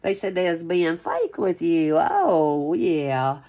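Rambling, excitable woman tarot reader. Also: lowish voice, slow. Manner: rambling, excitable, repeats phrases, swears casually. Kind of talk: casual tarot reading monologue.

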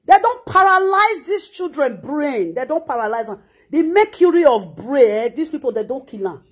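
This Nigerian woman in her thirties, a social media commentator, speaks with a Nigerian Pidgin accent in a high-pitched, sing-song voice at normal speed. She scolds passionately in a reaction monologue, often repeating words.

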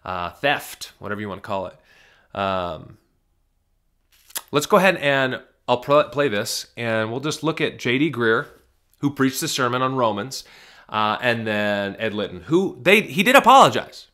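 A man who pastors a small church, talking through a casual solo podcast in a chatty, joking way, swinging from loud emphatic bursts to quiet asides. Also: medium pitch, expressive, measured pace. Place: small-town Kentucky.

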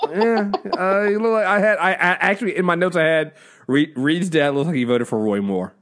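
A man's voice: fairly high pitch, brisk, fairly bright tone. A man hosting a podcast in casual chat, rambling, swearing freely and laughing often. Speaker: podcast host.

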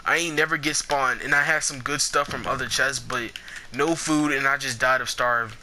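Young male gamer, bright edgy voice, quick to curse, faint keyboard clatter behind. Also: mid-range voice, a little hiss or hum. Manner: excitable, swears a lot, trash-talks opponents. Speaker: gameplay commentator. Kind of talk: casual gameplay commentary.

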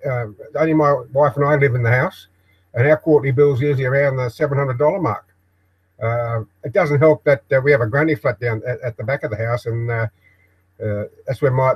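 Older Australian man, host of a homemade live broadcast; mid-pitched, halting, talks off the cuff with lots of ums and restarts. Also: rough recording. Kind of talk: rambling live broadcast monologue. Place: backyard shed office.

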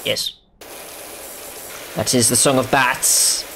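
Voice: mid-range voice, steady tone, slow, creaky, sharp tone, slight background noise. A gamer giving playful let's-play commentary, goofy, talking to themself and humming silly tunes. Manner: goofy, talks to self, hums silly tunes.

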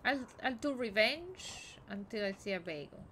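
Excitable woman streaming a game, high lively voice. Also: normal speed, a little hiss or hum. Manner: chatty, excitable, swears, talks to game characters. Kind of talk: casual game commentary.

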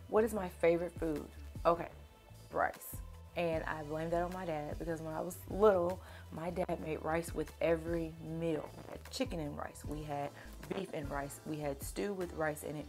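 A young woman with a Southern country twang talks straight to camera in a low, full voice, answering viewer questions in a loose, chatty way. Faint music plays under her. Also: steady tone, normal speed, a little mellow. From Kentucky, USA. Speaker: beauty vlogger. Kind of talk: casual Q&A vlog to camera.

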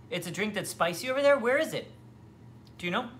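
A man's voice: sits high, animated, moderate pace, fairly bright tone. A young man hosting a casual livestream from his home kitchen, chatting in a rambling way with lots of fillers and restarts as he answers viewers. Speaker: livestream host. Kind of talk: casual livestream chat reading comments. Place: home, near the kitchen fridge.

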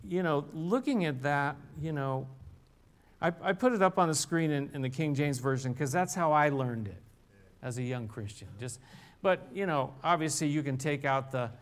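An older man preaching a relaxed sermon in a church, conversational and halting, often restarting his sentences. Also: on the high side. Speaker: pastor. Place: church sanctuary.

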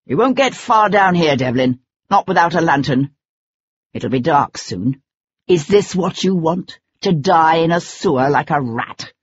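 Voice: medium pitch, lively intonation, unhurried, breathy edge, no echo. A reader voicing a ruthless conspirator. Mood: menacing. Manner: menacing, persuasive. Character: ruthless male conspirator, cold and threatening. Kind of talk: audiobook character voice. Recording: dull lo-fi recording.

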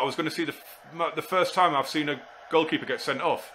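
A man commentating live on his football management game, exasperated and muttering to himself, with sudden shouts when goals go in. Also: fairly high pitch, quick pace, few pauses. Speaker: gaming YouTuber.

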